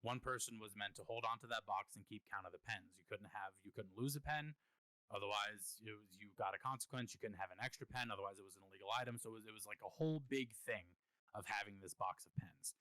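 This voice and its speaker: Earnest man explaining, bright voice. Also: lowish voice, fast, dry recording, low-quality recording. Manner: earnest, explains at length, profane, restarts phrases. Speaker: podcast host. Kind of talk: casual chat.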